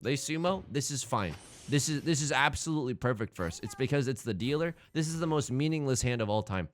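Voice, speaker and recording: A young man hosting a game let's play, talking through his moves with jokes and big swings between excited yelling and low muttering. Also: fast talker, slight background noise. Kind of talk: game commentary.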